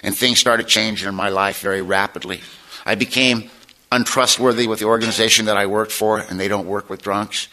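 A man with a bright, forceful voice gives his personal testimony to a meeting. He speaks plainly and informally, in a folksy storyteller's way with touches of wry humor. He sounds middle-aged, like someone who has talked to rooms of people before. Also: fairly low pitch, fairly even intonation, a little fast, poor audio.

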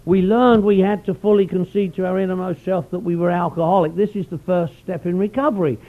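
At a recovery meeting, a middle-aged man tells his story in a rambling, folksy way, sprinkling in plenty of "you know." His voice is high-pitched and steady, his pace brisk, and the audio sounds narrow and tinny.

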